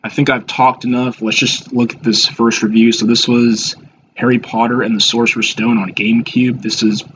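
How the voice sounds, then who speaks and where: A man's voice: medium pitch, level tone, a bit bright, a little hiss or hum. Rambling young man, dull lo-fi sound. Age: 20s. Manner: rambling and halting, with many fillers and restarts; self-deprecating. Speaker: YouTuber reacting to his old videos. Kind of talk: casual reaction commentary.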